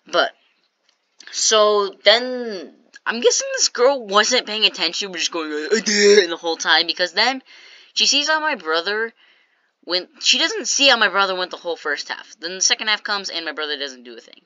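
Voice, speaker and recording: A woman's voice: mid-range voice, lively intonation, normal speed, bright, forceful tone, no room sound, highs cut off. A woman casually telling a storytime vlog, chatty and jokey, acting out what people said. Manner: chatty, jokey asides, acts out quoted lines. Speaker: storytime vlogger.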